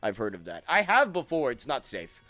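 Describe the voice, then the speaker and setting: A young man talks through a game stream in loose, swearing banter. His voice sits at an ordinary middle pitch, and the sound is dry and close. Faint music plays underneath. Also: huge pitch swings, moderate pace, bright, forceful tone, no echo. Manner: loose, profane banter, laughs often. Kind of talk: casual gaming stream chat.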